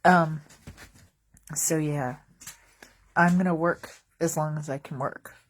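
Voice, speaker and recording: A woman's voice: deep voice, steady tone, slow pace. A woman vlogger telling funny stories in a casual, wry, rambling way, joking about everyday mishaps. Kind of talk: casual comedic storytelling.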